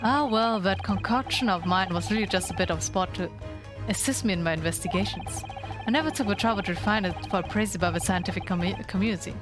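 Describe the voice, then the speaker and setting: A woman's voice: mid-range voice, quick pace, lightly acted. A woman voicing a theatrical, long-winded male detective who is weak on his feet, with game music behind. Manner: grandiose, long-winded phrasing.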